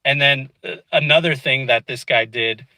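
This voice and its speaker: A man sits in his car telling a story straight to camera, chatty and exasperated, and says "dude" a lot. His voice is bright and forward, with a middling pitch. The sound is dry and close, with no room echo. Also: normal speed. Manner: chatty, frustrated, peppered with "dude" and "you know what I mean". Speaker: vlogger. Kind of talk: casual storytelling. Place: inside a car.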